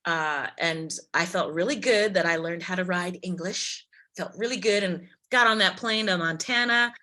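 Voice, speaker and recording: Bright, animated actress telling stories. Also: female voice, lowish voice, normal speed. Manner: animated, expressive storyteller. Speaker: actress, podcast guest. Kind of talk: casual interview chat.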